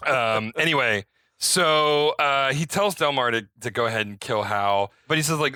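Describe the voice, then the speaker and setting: Chatty male podcast host, bright tone, dry close mic, laughs as he retells scenes. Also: mid-range voice, normal speed, clear, resonant tone, no room sound. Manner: chatty, laughing, acts out quotes. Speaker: podcast host recapping a film. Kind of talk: casual chat.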